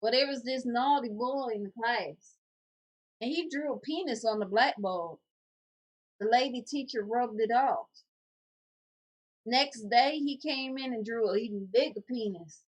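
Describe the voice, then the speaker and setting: A woman co-hosting a casual podcast, reading viewer comments aloud in a jokey, animated way. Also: on the high side, a little slow, slightly rough.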